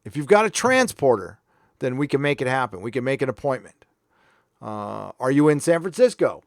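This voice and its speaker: A man's voice: medium pitch, big pitch swings, a little fast, vocal fry, no echo, studio quality. A man hosting a casual livestream, reading viewer donations aloud and answering them with sarcastic, mock-earnest remarks.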